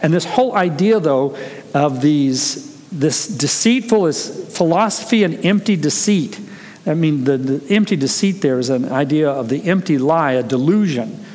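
A man's voice: on the high side, lively intonation, normal speed, darkish tone. A man preaching a conversational sermon as pastor, earnest, telling stories and quoting people with animation. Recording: long reverb of a large hall.

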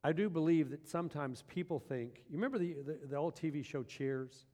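A man's voice: fairly high pitch, brisk, mellow. A man preaching a sermon with emphasis, often posing rhetorical questions to his congregation. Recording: long hall reverb.

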